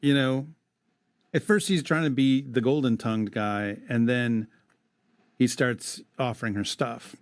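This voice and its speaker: A man's voice: mid-range voice, steady tone, unhurried, no room sound. Man reading epic verse, dry close sound. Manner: dramatic recitation broken by wry asides. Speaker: podcast co-host. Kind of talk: reading an epic poem aloud with commentary.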